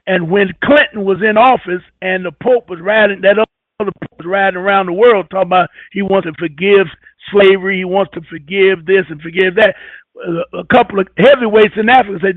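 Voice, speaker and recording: A man hosting a radio talk show, rambling and halting as he repeats words while searching for them. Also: high voice, no room sound. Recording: tinny phone-like radio audio.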